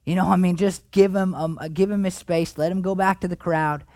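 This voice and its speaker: A man preaching a sermon as pastor, in a conversational way that swings between animated emphasis and hushed, tender passages. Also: high-pitched, a little fast, no room sound.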